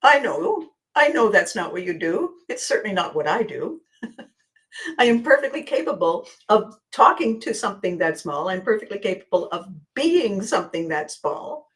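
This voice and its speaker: A woman hosting a podcast, telling stories in an animated way, acting out quoted voices and dropping to quiet asides. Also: mid-range voice, moderate pace. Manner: laughs often, drops to quiet asides. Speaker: podcast host and coach. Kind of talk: storytelling monologue.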